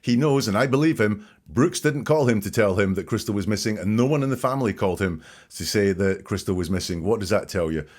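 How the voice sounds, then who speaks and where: Guy with a lowish voice breaking down interview clips, slow and careful about every word. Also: animated, darkish tone. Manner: measured, dissecting each phrase. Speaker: podcast host. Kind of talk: analytical commentary on interview clips.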